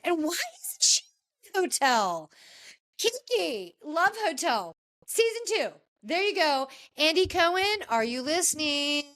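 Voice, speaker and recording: A woman hosting a podcast, recapping a reality show in casual, gossipy chat with animated, jumpy delivery. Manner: animated, gossipy retelling with sudden pitch jumps. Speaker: podcast host.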